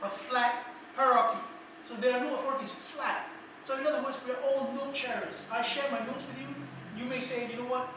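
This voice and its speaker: A man's voice: very high voice, steady tone. Man lecturing in an echoey hall. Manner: measured, explanatory, poses questions to the audience. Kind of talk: conference lecture. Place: conference hall. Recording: echoey hall from far off with noise.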